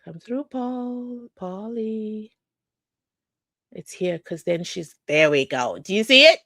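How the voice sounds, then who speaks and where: Animated woman hosting a stream. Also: medium pitch, slow, no room sound. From South Africa. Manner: animated, reading viewer comments aloud. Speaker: live-stream host. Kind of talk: casual live-stream chat.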